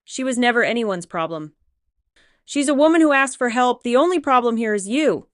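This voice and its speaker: A quietly terrifying crime boss in his thirties with a Korean accent, as a woman reads him, his voice controlled and measured. The tone is smooth and clear, with a dry, close sound. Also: a little high, lively intonation, no echo, voice pushed up, close to an everyday voice. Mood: gentle.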